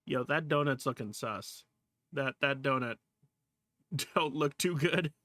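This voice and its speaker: A man's voice: medium pitch, slow, sharp tone, no echo, clean studio sound. A male streamer chatting casually to viewers while reacting to a video, laughing often, swearing freely and exclaiming at what he sees. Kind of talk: casual livestream reaction chat.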